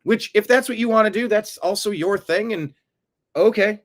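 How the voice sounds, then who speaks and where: A man hosting a profane political rant, swinging from low mutters to loud outbursts. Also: normal speed. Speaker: political commentary host.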